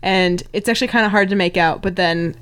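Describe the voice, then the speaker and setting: A woman's voice: mid-range voice, fairly quick, fairly bright tone, smooth. A woman hosting a casual podcast chat, talking with lots of hesitations and fillers. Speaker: podcast host.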